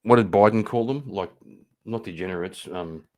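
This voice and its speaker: A man hosts a stream and reacts to clips, talking bluntly and swearing. His voice is fairly low. He rambles and restarts as he thinks aloud. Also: normal speed. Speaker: stream host. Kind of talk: casual reaction commentary.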